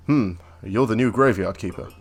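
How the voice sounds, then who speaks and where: Game read: man playing a brusque talking skull, male, lowish voice, commanding. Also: moderate pace, husky. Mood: puzzled. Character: talking skull with amnesia, male, rude and bossy.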